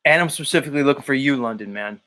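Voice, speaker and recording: This man speaks very fast in a mid-range voice with a bright, forceful tone. He's hosting a laid-back live stream, reading out chat messages and ribbing his viewers in a blunt, teasing way, with plenty of swearing.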